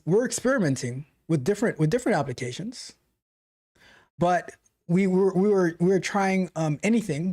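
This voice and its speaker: A man's voice: sits high, warm tone. A man coaching viewers on a casual coding livestream, pushing his points hard and circling back on his own phrases to drive them home. He chats loosely between points and reads comments from the chat. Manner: emphatic, motivational, repeats phrases for stress. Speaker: tech coach and livestream host.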